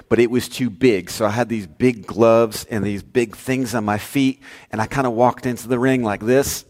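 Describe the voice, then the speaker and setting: A male pastor preaching a sermon, telling a story with lively swings between loud, emphatic lines and hushed, soft ones. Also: lowish voice, in a large hall.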